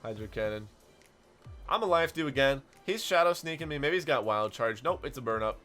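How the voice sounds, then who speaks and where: A young man streaming a game, telling stories in an animated way and chatting to his viewers. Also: mid-range voice, faint music behind. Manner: animated storytelling, quick asides to chat. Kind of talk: casual stream commentary while playing.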